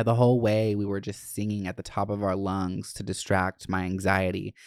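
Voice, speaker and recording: A young man casually telling a profane, animated personal story. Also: medium pitch, no room sound, studio quality. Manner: profane, animated, acts out quoted voices.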